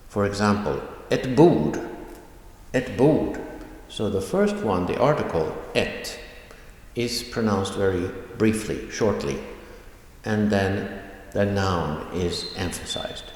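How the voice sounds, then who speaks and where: A man teaching an online language lesson, explaining slowly and repeating examples. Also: sits low, animated. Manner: slow, deliberate explaining with repetitions. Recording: echoey room with long reverb.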